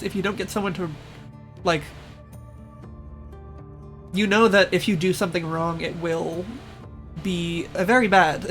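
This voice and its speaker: A woman as game master, narrating the scene casually with fillers and laughs. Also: fairly low pitch.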